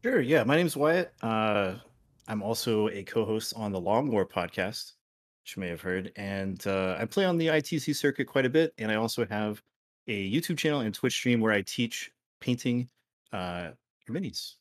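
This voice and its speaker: Laid-back low-voiced male podcast guest. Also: moderate pace. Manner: relaxed and rambling, many "uh" and "like" fillers. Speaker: podcast guest and competitive tabletop player. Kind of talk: casual podcast chat.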